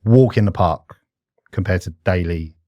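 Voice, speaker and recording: A man's voice: deep voice, moderate pace, warm tone, dry recording, lo-fi sound. A British man in his thirties, a podcast guest talking bluntly and candidly in conversation. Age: 30s. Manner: blunt and candid, often says mate.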